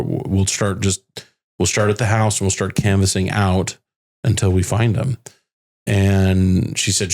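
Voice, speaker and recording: A bereaved father, a podcast guest, recounting a hard personal story in a halting way with many restarts. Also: low voice, a little mellow. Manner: halting, restarts often, quotes others' words. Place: home in the Phoenix area.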